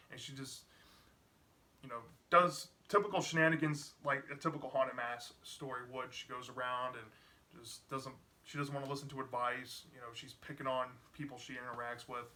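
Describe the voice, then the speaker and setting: A man's voice: mid-range voice, bright, forceful tone. A man casually retelling a book's plot as a reviewer, rambling with lots of fillers. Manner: rambling, many "you know" fillers. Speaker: book reviewer.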